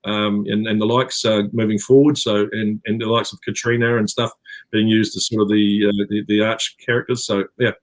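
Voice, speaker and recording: New Zealand man with a low voice. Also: little pitch movement, moderate pace. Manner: rambling, with many fillers and restarts. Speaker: actor guest. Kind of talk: casual interview chat.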